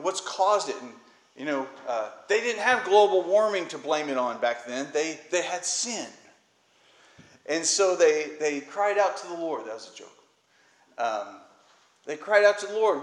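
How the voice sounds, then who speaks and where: A man's voice: fairly high pitch, a bit bright, roomy sound, low-quality recording. Man retelling a Bible story casually. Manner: conversational storytelling, acts out quoted voices. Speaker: preacher. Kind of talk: informal Bible teaching.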